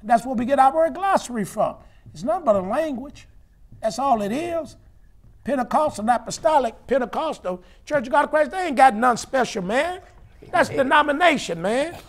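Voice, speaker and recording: A man preaching and teaching scripture, emphatic, rising to shouts and spelling out words. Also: extremely high pitch, lively intonation, moderate pace. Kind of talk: sermon-style Bible teaching.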